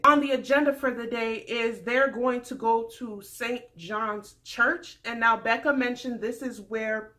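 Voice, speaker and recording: A young adult woman recapping a reality TV episode in a sassy, animated casual vlog. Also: fairly high pitch, a little slow, few pauses. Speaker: recap vlogger.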